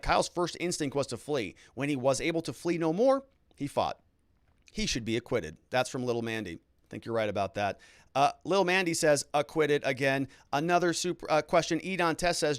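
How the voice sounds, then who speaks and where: A middle-aged man hosting a casual legal livestream, reading viewer comments aloud and reacting with quick, chatty asides. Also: medium pitch, fairly bright tone, no room sound, studio quality. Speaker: lawyer host reading live chat comments.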